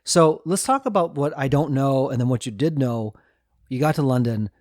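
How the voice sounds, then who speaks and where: A middle-aged podcast host chats casually, reflective and easygoing, posing guiding questions, laughing lightly, and sharing his own travel stories. His voice is medium-pitched, somewhat dark, and unhurried, with no echo.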